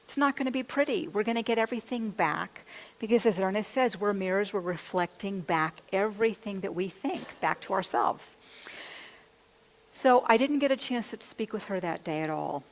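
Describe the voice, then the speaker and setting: A woman minister speaks at normal speed in an animated, medium-pitched voice, with long hall reverb on the recording. She gives a sermon built on a candid personal confession, quoting her own self-talk.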